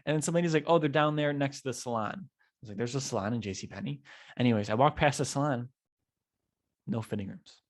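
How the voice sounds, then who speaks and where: A man's voice: mid-range voice, fast talker. A young man hosting a podcast alone, telling a frustrating shopping story and acting out both sides of the talk. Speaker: podcast host. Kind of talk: solo storytelling chat.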